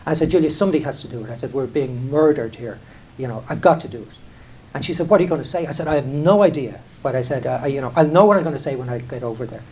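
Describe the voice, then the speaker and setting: A man's voice: medium pitch, lively intonation, quick pace, hardly any pauses, a little mellow, breathy edge. Irish businessman telling a candid story. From Ireland. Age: middle-aged. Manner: conversational, self-deprecating, frequent restarts and "you know". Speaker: airline chief executive. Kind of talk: candid anecdotal talk on stage.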